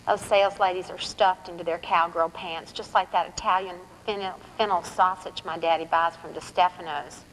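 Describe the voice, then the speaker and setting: A woman author reading aloud from her novel at a forum, telling a first-person story in a lively, sly way. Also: fairly low pitch, moderate pace, few pauses, slight background noise, low-quality recording.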